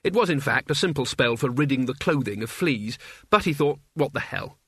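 A man's voice: mid-range voice, expressive, a little fast, fairly bright tone, husky, no echo. A man narrating an audiobook in a dry, wry storytelling manner. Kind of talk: scripted narration.

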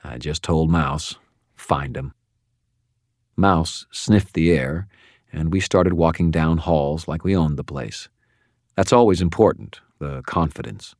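An extremely deep male voice reads a first-person story in a wry, measured way. The recording is close and bone-dry, with no sense of room. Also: darkish tone, dry recording. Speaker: narrator. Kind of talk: first-person audiobook narration.

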